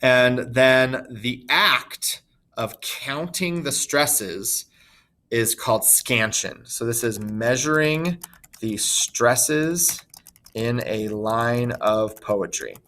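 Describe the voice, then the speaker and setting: A man teaching a recorded poetry lesson in an informal way, thinking aloud with fillers and self-corrections, and slowly sounding out stressed syllables as examples. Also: medium pitch, pushed and bright.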